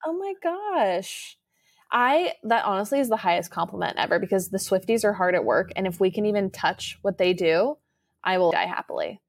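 A young woman co-hosting a podcast in casual chat, expressive and self-mocking. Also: medium pitch, normal speed. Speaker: podcast co-host.

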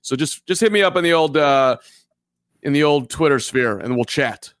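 A man's voice: on the high side, lively intonation, moderate pace, fairly bright tone, dry recording. A man co-hosting a live baseball podcast, telling stories in a rambling way and repeating himself. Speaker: podcast co-host. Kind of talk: casual live podcast chat.

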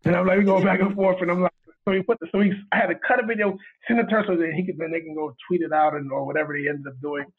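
A man, a video director, tells a story in casual chat, animated and laughing as he acts out what people said. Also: high-pitched, racing, husky. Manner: animated, laughing retelling with quoted dialogue. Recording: tinny phone line.

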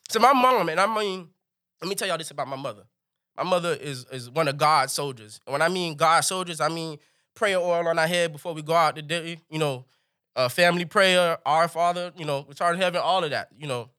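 Brief: male comic storyteller, high, bright and animated. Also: a little fast. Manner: animated, swings into high excited pitch for punchlines.

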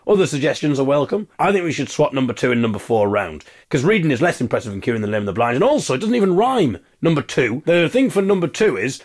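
A man's voice: mid-range voice, lively intonation, fast, hardly any pauses. A man, a podcast host delivering a comic monologue with exasperated, wry ranting.

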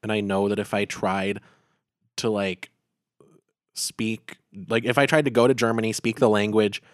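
Chill young dude on a podcast, clean smooth voice, no room echo. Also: male voice, lowish voice, little pitch movement, moderate pace, studio quality. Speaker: podcast co-host. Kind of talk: casual chat.

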